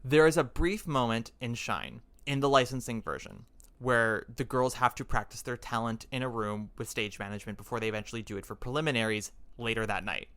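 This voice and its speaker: Male podcast host, crisp bright voice, lively storyteller who acts out scenes. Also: mid-range voice, a little fast. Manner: animated, acts out scenes he describes. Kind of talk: casual podcast chat.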